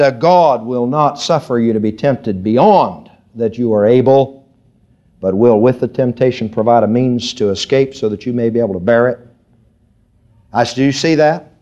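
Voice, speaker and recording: A preaching pastor, lo-fi sound. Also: male voice, fairly high pitch, darkish tone. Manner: preaching with wide swings, rising and pressing on key phrases. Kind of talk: sermon. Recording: dull lo-fi sound.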